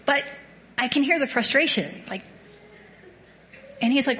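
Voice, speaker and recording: A woman's voice: on the high side, lively intonation, normal speed, long pauses, a bit bright, slight background noise. Rambling, self-deprecating woman sharing faith. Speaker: small group participant sharing a reflection.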